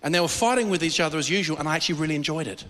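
Brief: male pastor, high bright voice, animated storytelling sermon, long hall reverb. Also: racing, a little hiss or hum. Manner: animated storytelling with acted-out quotes and laughs.

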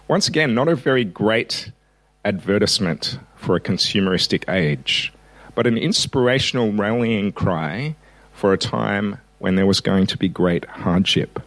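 A man's voice: fairly low pitch, a bit bright. A man preaching a sermon in a conversational, wry way, with emphatic repetition.

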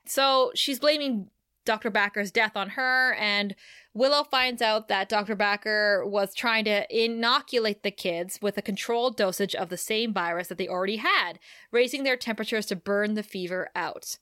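A woman co-hosting a podcast, recapping a TV episode in casual chat, animated and laughing often as she acts out the quoted lines. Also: medium pitch, moderate pace, smooth, dry recording, studio quality.

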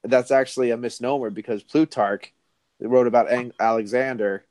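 A man co-hosting a casual film podcast, blunt and animated, swearing casually. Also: mid-range voice, moderate pace, dry recording. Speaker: podcast co-host. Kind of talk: casual movie discussion.

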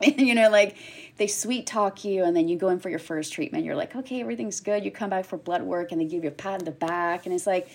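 A woman in her thirties with a slightly low-pitched voice chats on a casual podcast. She tells her stories in an animated way, laughing often and acting out what people said. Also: a little fast. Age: 30s. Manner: animated storyteller, laughs often, acts out quotes. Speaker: guest, cancer survivor.

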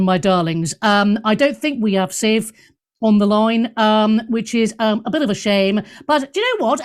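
A British woman hosts a live radio talk show in a chatty, self-deprecating way. She has a fairly high voice for a woman, drops in mild swears and exclamations, and rambles warmly between segments. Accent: British English.

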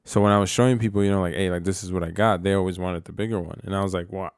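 A man's voice: deep voice, steady tone, rapid-fire, clean tone, dry recording, clean studio sound. A young man telling loose, profane stories with slang and laughter in casual chat. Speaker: storyteller in a casual podcast chat.

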